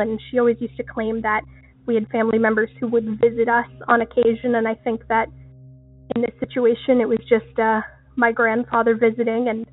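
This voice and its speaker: A woman from Maine tells her story down a tinny phone line, chatty and earnest, with small fillers along the way. Her voice is somewhat high and husky, and it sounds very dry and close. Faint music plays underneath. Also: no room sound. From Maine, USA. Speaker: caller.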